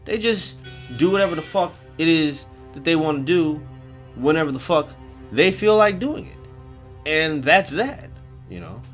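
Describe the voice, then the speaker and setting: A man telling a comedic first-person horror story, profane, jumping between loud outbursts and hushed asides. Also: a little high, expressive, a little slow, faint music behind.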